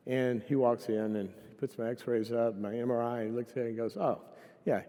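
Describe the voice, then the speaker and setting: A guest speaker preaches a sermon in a conversational storytelling style, acting out the voices of people in his stories. His mid-range voice has a level, dark tone and a brisk pace. He's in a large church hall, and the recording carries long hall reverb.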